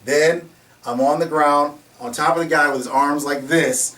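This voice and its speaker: A man casually telling a story in an animated way, laughing often and acting out the voices in his quotes. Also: on the high side, normal speed, distant mic. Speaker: security company founder telling a story. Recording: echoey room from off mic, faint ambience.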